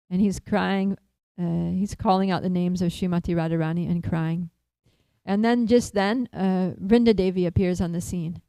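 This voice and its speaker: A woman telling a devotional story in an animated way, laughing often and using many fillers. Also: on the low side, clean tone, no echo, poor audio. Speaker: storyteller at a temple.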